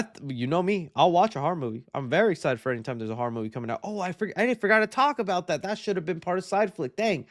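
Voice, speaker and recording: Chatty upbeat man, slightly high voice. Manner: chatty and upbeat, reads out viewer messages. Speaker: host reading live chat questions. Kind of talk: casual live-stream chat.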